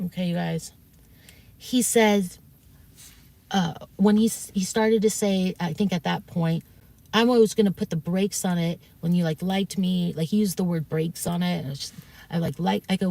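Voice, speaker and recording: A woman's voice: lowish voice, moderate pace, vocal fry, warm tone. A woman streamer telling her chat about an argument in a heated, profane way, often acting out quotes. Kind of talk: casual storytelling to stream chat.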